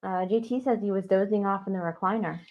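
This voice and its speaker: A woman's voice: medium pitch, fast talker, dull audio. A woman co-hosting a casual home livestream, reading out viewer comments and greeting people by name. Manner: reads out chat messages, greets viewers warmly. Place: home podcast studio. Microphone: not wearing her microphone.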